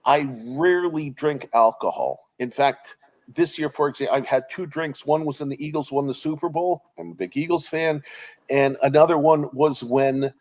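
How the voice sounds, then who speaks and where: A man's voice: on the high side, normal speed, a little mellow, rough recording. A man in his forties speaks over a remote call connection. He sounds earnest and openly emotional, often restarting sentences and letting phrases trail off. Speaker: guest. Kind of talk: personal interview over a call.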